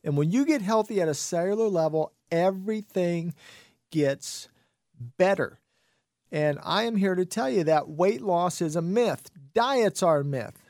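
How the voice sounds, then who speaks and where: Speaking a little slowly in a high, somewhat dark voice, the man hosting this radio talk show is animated and fervent, preaching motivation and repeating phrases again and again for emphasis. The sound is studio quality from a studio microphone in a radio studio, with no room sound.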